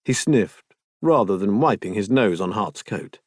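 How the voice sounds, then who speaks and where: A man narrating a romance audiobook in an expressive, intimate reading. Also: on the low side, measured pace, no echo, studio quality.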